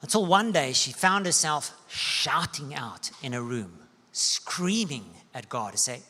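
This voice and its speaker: Preacher in a reverberant hall. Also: male voice, mid-range voice, expressive, measured pace. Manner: storytelling preacher with sweeping rises and soft dips. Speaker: pastor. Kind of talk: sermon. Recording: long church-hall reverb.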